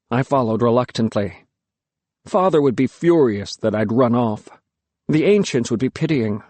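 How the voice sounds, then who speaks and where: Unhurried, expressive male storyteller. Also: mid-range voice, no room sound. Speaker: audiobook narrator. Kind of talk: scripted audiobook narration.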